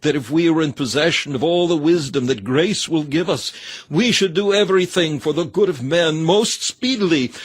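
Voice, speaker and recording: A man's voice: fairly high pitch, breathy edge. A man reading a sermon aloud in an earnest, exhorting manner with old-fashioned scriptural phrasing. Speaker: reader of a sermon.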